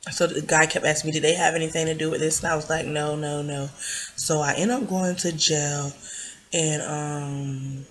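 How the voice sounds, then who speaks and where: A woman's voice: low-pitched, fairly bright tone, slight background noise. Young woman vlogger, casual rambling storyteller, loose and filler-heavy delivery. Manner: rambling, filler-heavy retelling with many likes and ums.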